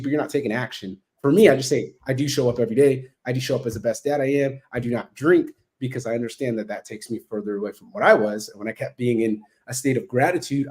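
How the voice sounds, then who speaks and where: Fast-talking, foul-mouthed man on a podcast. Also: medium pitch. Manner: heavy swearing, blunt and animated, acts out quoted exchanges. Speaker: podcast guest. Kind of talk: casual podcast conversation.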